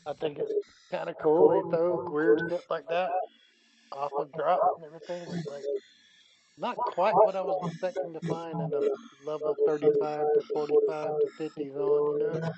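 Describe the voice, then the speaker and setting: A man chatting with a gaming group, relaxed and a little hesitant as he talks. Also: fairly high pitch, normal speed. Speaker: gamer in a group. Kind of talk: casual voice chat while gaming. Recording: dull voice chat with crowd noise.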